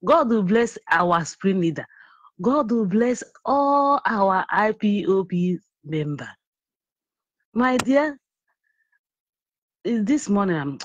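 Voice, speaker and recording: A woman's voice: mid-range voice, animated, slow pace, long pauses, no echo. Indignant Nigerian woman caller. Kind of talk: phone-in call. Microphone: phone call.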